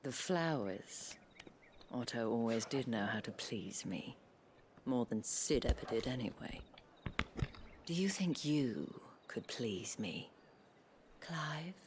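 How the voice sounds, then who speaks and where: An actress voicing a sultry, scheming brothel madam in a video game, speaking in a breathy near-whisper with slow, teasing, silky delivery. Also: female voice, extremely low pitch, lively intonation, noisy background, full character voice.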